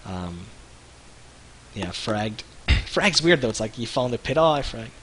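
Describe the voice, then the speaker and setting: A man in his thirties, co-hosting a livestream, telling rambling animated stories with lots of restarts. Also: fairly low pitch, a little slow, slight background noise, low-quality recording. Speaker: web show co-host. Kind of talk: casual livestream chat.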